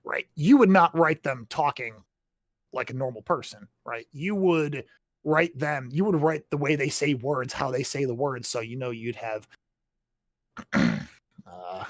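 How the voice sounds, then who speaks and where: A man's voice: medium pitch, lively intonation, a little slow, a bit bright, no room sound. A man in a casual chat about writing, explaining his points and often checking in with tag questions.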